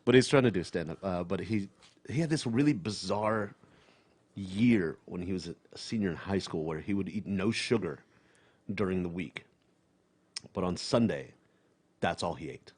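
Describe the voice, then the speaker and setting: A man with a fairly low voice talks on a podcast. He tells his stories bluntly and swears a lot. He laughs often and fills the gaps with "uh". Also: lively intonation, normal speed, long pauses, a little mellow, husky. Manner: blunt, profane and laughing, trailing off with many fillers. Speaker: stand-up comedian and podcast guest. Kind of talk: casual podcast chat.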